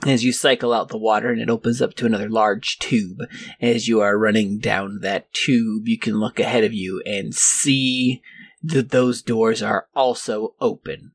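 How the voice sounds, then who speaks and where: A man's voice: fairly low pitch, steady tone, normal speed, slightly rough, no room sound. A man running a tabletop game as game master, describing scenes in a loose way with many fillers.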